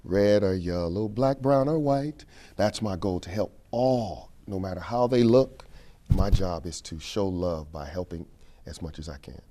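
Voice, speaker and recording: A man's voice: sits low, measured pace, warm tone, a little hiss or hum. A man from St. Louis in an interview, telling stories and repeating phrases for emphasis. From St. Louis, Missouri. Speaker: keynote speaker and King speech performer. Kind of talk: interview conversation.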